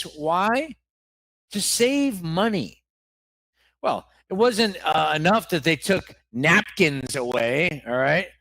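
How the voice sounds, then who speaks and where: High-voiced man, mock-serious comic host. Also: fairly bright tone, dry recording. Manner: mock-serious questioning, swears, rambling rants. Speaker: comedy podcast co-host. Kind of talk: live improvised comedy interview.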